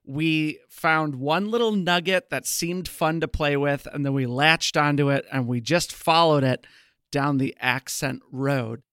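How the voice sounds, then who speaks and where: A man co-hosting a comedy podcast, talking in a loose, joking, rambling way. His voice sits a little high and sounds smooth and clear. The close mic keeps it dry, with no room sound. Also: a little slow, fairly bright tone, dry recording. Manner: chatty, jokey, rambling. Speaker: podcast co-host. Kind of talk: casual chat.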